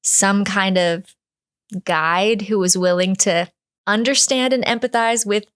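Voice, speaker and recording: A woman's voice: medium pitch, fairly even intonation, measured pace, clean tone. A woman in her thirties, a guest in an interview, talking candidly and reflectively, often restarting her thoughts. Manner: reflective, speaks in drafts with restarts.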